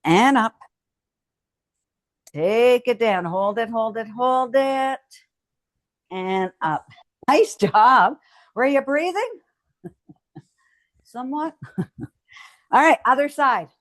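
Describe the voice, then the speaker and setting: A woman with a fairly high, expressive voice speaks slowly with long pauses while leading a home strength workout. She encourages the viewer by cueing every move and cheering often, with no room sound.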